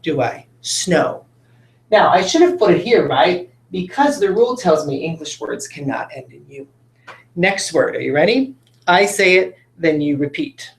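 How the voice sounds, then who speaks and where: A man's voice: on the high side, reverberant. A male teacher giving a patient phonics lesson to children, coaxing them along with tag questions.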